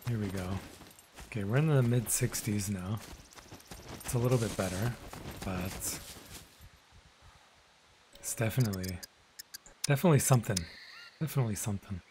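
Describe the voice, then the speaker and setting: A man streaming a video game live, chatting casually with viewers, relaxed and rambling, often trailing off into quiet mumbles. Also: lowish voice, normal speed, pauses often, noisy background.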